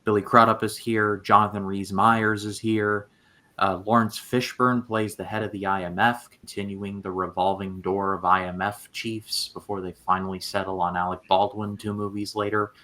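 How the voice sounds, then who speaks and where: Man, podcast host, wry dry asides, lowish voice, bright forceful tone. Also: flat delivery, moderate pace. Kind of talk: casual podcast discussion.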